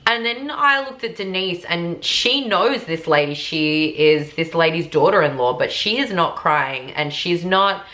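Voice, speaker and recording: A young woman chats through a true crime recap in a casual, rambling way, full of fillers and asides to her viewers. Her voice is bright and forceful and sits on the lower side. She sounds unscripted. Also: expressive, measured pace, few pauses. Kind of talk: casual vlog commentary.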